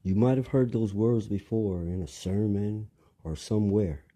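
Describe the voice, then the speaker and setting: A man's voice: on the low side, moderate pace, warm tone. A man delivering a rambling monologue, lecturing listeners, repeating phrases and asking them pointed questions.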